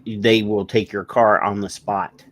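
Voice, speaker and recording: Animated storytelling man on a podcast. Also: lowish voice, a little slow, slight background noise. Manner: animated storyteller, acts out quotes, swears. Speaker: co-host. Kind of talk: casual podcast chat.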